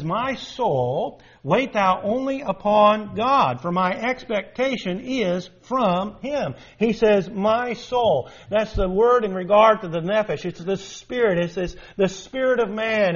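A pastor preaching a sermon, earnest, slowing down to stress scripture. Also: male voice, high-pitched, muffled recording.

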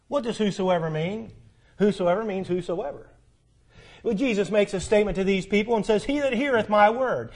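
A man's voice: high voice, brisk, darkish tone. A middle-aged man preaching a sermon. He asks the congregation questions and repeats key phrases for emphasis. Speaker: pastor.

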